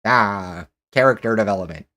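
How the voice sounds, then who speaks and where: A man's voice: on the low side, moderate pace, bright, forceful tone. A man streaming a game and chatting casually with viewers, rambling with lots of restarts and questions.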